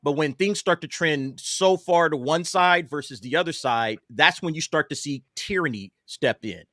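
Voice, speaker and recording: A man holds forth in a casual political panel discussion, pressing his points with emphasis and repeating himself. He keeps stumbling into fillers and restarts as he talks. His voice sits a touch high, and the sound is dry and close. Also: moderate pace, a bit bright, no room sound. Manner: emphatic, repetitive, with many fillers. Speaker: panel guest.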